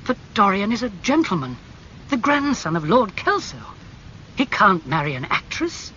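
A man reading aloud, voicing an earnest gentleman painter who is anxious and kind in a storybook. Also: high voice, huge pitch swings, moderate pace, pitched above the performer's own voice, exaggerated voice. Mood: worried. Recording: slightly muffled with faint hum.

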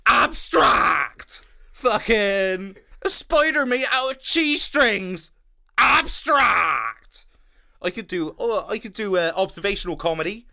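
A man's voice: high-pitched, creaky, pushed and bright, exaggerated voice. A man voicing a crude, boorish male comedian who swears and uses coarse dialect grammar.

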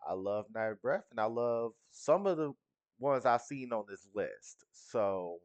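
A young man hosting a reaction video in a casual, profane, laughing way. He talks slowly with a lively, rising and falling pitch. The recording is dry and close. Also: no room sound.

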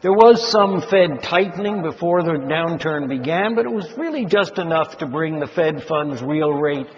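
An older man giving a measured, emphatic lecture on the economy to an audience of investors, stressing key words. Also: fairly high pitch, expressive. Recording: dull sound in a large reverberant hall.

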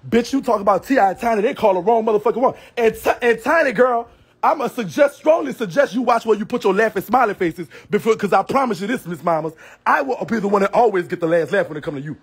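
Trash-talking with a Southern US accent, a male streamer delivers a brash, profane livestream rant punctuated by frequent laughs. His voice is high, expressive and slightly rough, and he talks quickly.

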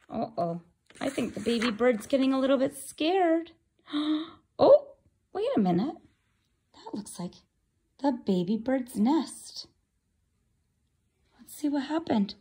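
Woman storyteller for kids, unhurried, fairly high voice, chatty asides. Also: big pitch swings, dark tone, husky. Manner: slow, chatty asides to listeners. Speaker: storyteller reading to children. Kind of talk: read-aloud storytelling for kids.

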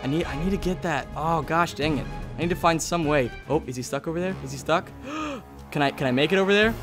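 A young man giving casual, excitable commentary over his own gameplay as a gaming channel host, chatting to his opponents. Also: fairly high pitch, fast talker, over music. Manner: excitable, talks to opponents, bursts into shouts.

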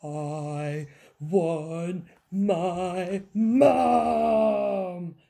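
A woman voicing a sulky little girl princess who wails for her mum in a drawn-out whine. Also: mid-range voice, animated, mellow, voice pushed up. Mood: wailing. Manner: drawn-out whining wail.

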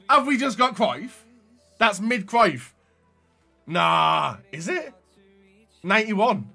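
An excitable young man commentating pack openings in a high, bright voice that leaps wildly up and down. He talks slowly between bursts, calls his viewers "guys", and yells at big pulls. Faint music plays behind him. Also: vocal fry, slightly rough. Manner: excitable, yelps and shouts at the screen. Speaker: YouTuber.

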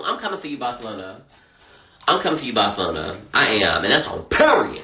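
Sassy, animated young man on a livestream. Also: medium pitch, quick pace. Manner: animated, sassy, cusses a lot. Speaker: social media personality. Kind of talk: casual livestream chat. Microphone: phone. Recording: echoey room, faint noise.

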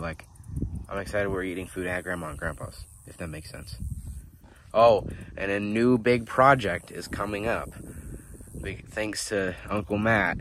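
Young male farm vlogger, slightly stuffy, easygoing and rambling; handheld outdoors with wind and water behind. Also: deep voice. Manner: rambling, laid-back, many fillers. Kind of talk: casual vlog chat. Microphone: handheld camera. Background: running water and wind.

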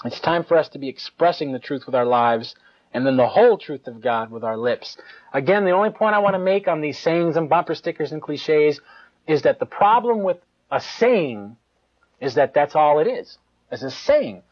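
A man giving a live sermon in a conversational, animated way, with mocking asides and chuckles. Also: on the high side, normal speed. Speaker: preacher. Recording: dull lo-fi live tape.

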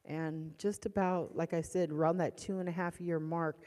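A woman's voice: fairly low pitch, steady tone, moderate pace, dark tone. Woman telling an emotional church testimony. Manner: emotional storytelling, reenacting past panic. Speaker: church speaker sharing a testimony. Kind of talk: personal testimony. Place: church hall. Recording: long church hall reverb.

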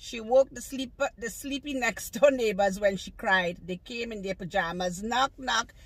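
A woman's voice: medium pitch, normal speed, no echo. Gushing older woman showing her haul. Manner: gushing, repeats praise words. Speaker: haul vlogger. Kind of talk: casual haul video, showing items. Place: outdoors in a car on a sunny day.

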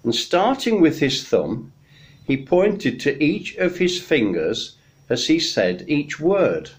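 A man, a church minister, giving a midweek sermon message in an unhurried storytelling manner with gentle pauses. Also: a little high, sing-song.

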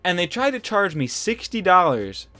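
A man's voice: sits high, sing-song, moderate pace, sharp tone, no echo, soft background music. Young guy ranting through a storytime. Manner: rambling, swears a lot, exasperated storytelling. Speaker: gaming channel host. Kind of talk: casual storytime over gameplay.

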